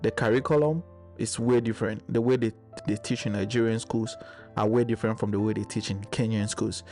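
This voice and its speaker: A man on a discussion panel, calmly explaining his views in casual debate. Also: fairly low pitch, a little fast, soft background music.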